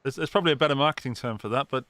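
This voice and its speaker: A man's voice: mid-range voice, racing, a bit bright, dry recording. A man co-hosting a podcast in casual chat, chatty and enthusiastic, speaking into a studio podcast mic. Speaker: podcast co-host.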